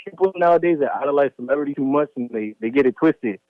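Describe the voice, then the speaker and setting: A man's voice: medium pitch, quick pace, no echo. A man calling in by phone, speaking earnestly and rambling with lots of "it's like". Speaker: caller. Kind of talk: phone call-in. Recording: dull phone line.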